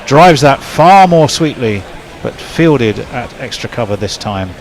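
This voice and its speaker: A man's voice: mid-range voice, animated, a little slow, slight background noise. A man giving ball-by-ball cricket commentary in a chatty way, checking himself aloud.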